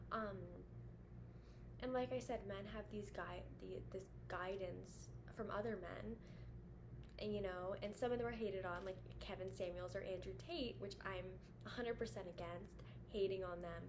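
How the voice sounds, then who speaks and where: A woman's voice: mid-range voice, normal speed. A young woman talking casually to camera about dating advice for women, blunt, chatty and full of swearing and fillers. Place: indoors at home with air conditioner running. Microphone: camera facing her. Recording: audible background hum at home.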